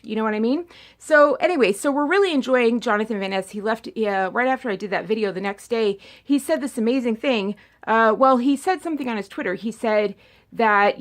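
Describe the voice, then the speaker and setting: A young adult woman vlogger talking politics in a rambling, animated monologue that often repeats words. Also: a little high. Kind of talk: casual opinion monologue.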